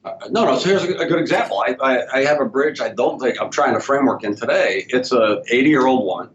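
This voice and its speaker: A man's voice: lively intonation, fast talker. A male dentist as a podcast guest, telling clinical stories and acting out conversations with patients. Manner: storytelling, acts out patient dialogue. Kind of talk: casual podcast interview. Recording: slightly dull sound with faint rumble.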